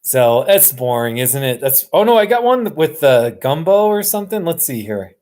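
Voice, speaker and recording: A man's voice: a little high, big pitch swings, normal speed, a little mellow. A man hosting a casual live stream, rambling and answering viewers' comments. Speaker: livestream host. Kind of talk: casual livestream chat.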